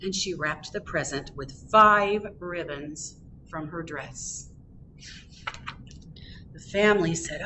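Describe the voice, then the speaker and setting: A woman reading a picture book aloud at a library storytime, with expressive storytelling. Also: sits low, slow pace, pauses often, a little hiss or hum. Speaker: storytime reader. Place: public library.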